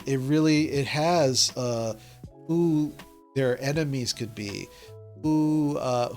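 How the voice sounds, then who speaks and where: A man who runs a tabletop game, chatting casually and answering viewer questions with many fillers and restarts. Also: medium pitch. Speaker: dungeon master.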